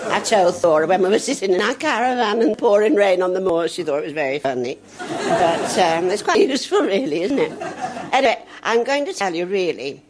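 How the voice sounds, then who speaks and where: An older woman tells self-mocking comic anecdotes in a chatty way. Her voice is lively and keeps swooping up and down. There is a faint hiss under it. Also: medium pitch, a little fast, crowd noise. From northern England. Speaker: veteran actress.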